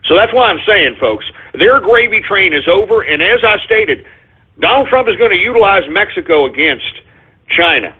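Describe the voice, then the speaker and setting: A high-pitched man rants on his talk radio show, heated and profane, calling out to his folks. His voice is husky and comes through a thin, phone-like line. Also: big pitch swings, normal speed. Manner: angry, profane, ranting, says "folks" often. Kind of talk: political talk radio rant. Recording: tinny phone-line audio.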